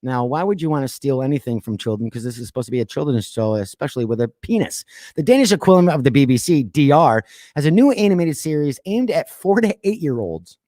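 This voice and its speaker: A male podcast host reads odd news stories aloud in a medium-pitched, expressive voice, recorded at studio quality with no echo. In this casual news commentary, he riffs with sarcastic asides and laughs after each item, dropping to a quiet voice for deliberate, dramatic pauses.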